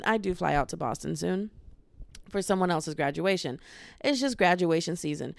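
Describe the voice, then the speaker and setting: A woman in her twenties hosts her own podcast from home, chatting casually into a small handheld camera and rambling from one topic to the next. Her voice is fairly low and animated, with vocal fry and a normal pace. The recording is studio quality with no room sound.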